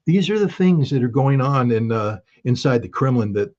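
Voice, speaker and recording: A man's voice: medium pitch, lively intonation, moderate pace, darkish tone, highs cut off. A man giving casual spoken analysis, emphatic and folksy, making his points with everyday analogies. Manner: folksy, emphatic, uses analogies and acted quotes. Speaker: commentator.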